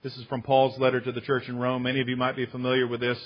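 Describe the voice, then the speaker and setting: Male pastor, husky voice, slightly muffled lo-fi sound, emphatic sermon delivery with slow stressed phrases. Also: medium pitch, completely flat delivery. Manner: addresses listeners as friends, with some restarts.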